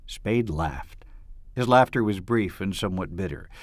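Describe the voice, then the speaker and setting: A man's voice: deep voice, a little slow, no echo, studio quality. Man reading a novel aloud dramatically. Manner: dramatic, expressive narration. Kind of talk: audiobook reading.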